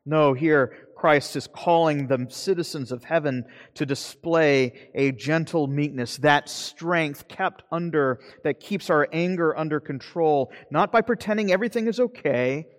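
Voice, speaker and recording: A man preaching a sermon as pastor, earnest, slowing for emphasis and then speeding up. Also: a little high, in a large hall. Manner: earnest preaching, shifting between slow emphasis and quick asides.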